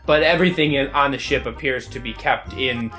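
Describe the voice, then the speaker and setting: A man narrating a tabletop game as game master in a relaxed way, with many fillers. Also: medium pitch, a little fast, soft background music.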